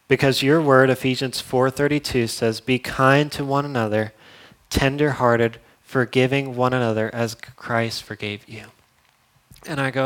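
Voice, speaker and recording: A young man preaching a casual, conversational sermon, upbeat and then dropping to a soft prayerful tone. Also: medium pitch, steady tone, a little slow. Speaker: pastor.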